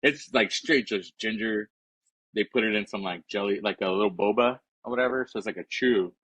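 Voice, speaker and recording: Husky low-voiced man joking about aging. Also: fairly quick, a bit bright, no echo, rough recording. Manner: laid-back, self-mocking banter. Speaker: podcast co-host. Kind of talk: casual chat.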